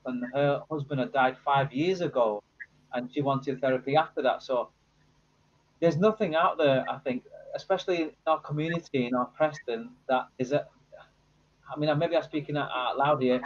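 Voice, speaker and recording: Earnest male counsellor, muffled call audio. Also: on the high side. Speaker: guest, counsellor. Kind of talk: panel discussion.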